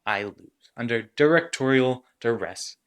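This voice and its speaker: A man's voice: mid-range voice, animated, unhurried, clear, resonant tone, lightly acted. A man voicing a huge, buff, graying male action-hero star who delivers a self-important monologue. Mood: boastful.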